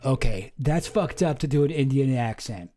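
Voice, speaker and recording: A man's voice: medium pitch, animated, normal speed, warm tone. Laid-back, wisecracking male reaction host. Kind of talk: casual reaction commentary.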